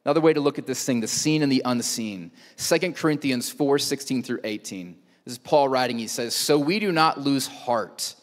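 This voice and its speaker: A man's voice: mid-range voice, a little fast, few pauses. A male pastor preaching a sermon in a conversational way, with rhetorical questions and joking asides. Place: church auditorium. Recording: long church hall reverb.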